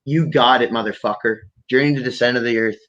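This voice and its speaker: A man from Canada hosting a podcast, talking in a rambling, profane, animated way. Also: medium pitch, quick pace, highs cut off. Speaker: podcast host. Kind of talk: casual chat.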